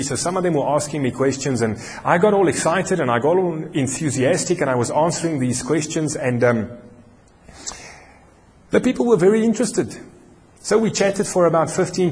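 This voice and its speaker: A male pastor with a South African accent preaching a sermon, telling a story in an animated way and slowing down for emphasis. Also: fairly high pitch. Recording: long hall reverb.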